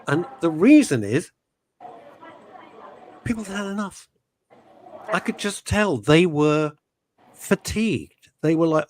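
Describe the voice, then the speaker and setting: A man's voice: on the high side, lively intonation, slow pace, pauses often, darkish tone, a little hiss or hum. A man hosting a radio talk show, speaking passionately and emotionally, rambling with many restarts. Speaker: host.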